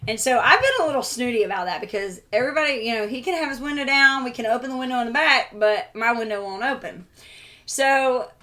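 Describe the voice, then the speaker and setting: A woman co-hosting a relaxed homestead chat, telling a story with plenty of laughter. Her voice sits a little on the high side, and she acts out the voices of the people she quotes. The delivery stays casual and lively throughout. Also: quick pace. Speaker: co-host of homestead Q and A.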